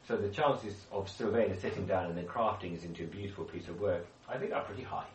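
Heard from afar in an echoey room with slight background noise, a man guides a Bible study group. His deep voice moves fast as he explains through questions to the group and often restarts.

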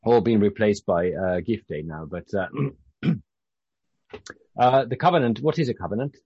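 A low, slightly husky man from Britain leads a relaxed Bible study group. He talks in a loose, halting way, often restarting his sentences. The recording is dry and a little muffled. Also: dry recording. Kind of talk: informal Bible teaching.

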